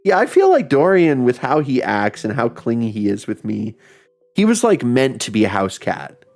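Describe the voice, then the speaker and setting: Casting note: a young male streamer, loose and rambling, laughing and swearing, with a lively, swinging voice. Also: medium pitch, normal speed, faint music behind. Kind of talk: casual livestream chat.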